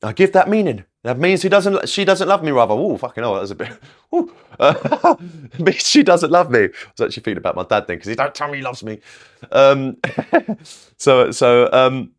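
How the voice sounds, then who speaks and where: A man's voice: medium pitch, expressive, normal speed. A man, a manifestation coach, teaching in a casual, rambling way, often checking in with "okay?" and swearing now and then. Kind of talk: casual spiritual teaching to camera.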